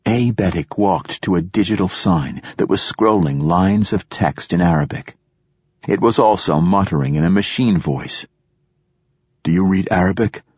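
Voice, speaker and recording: A man narrating an audiobook in a steady, even storytelling manner. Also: low voice, moderate pace, husky, no room sound, clean studio sound. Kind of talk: scripted narration.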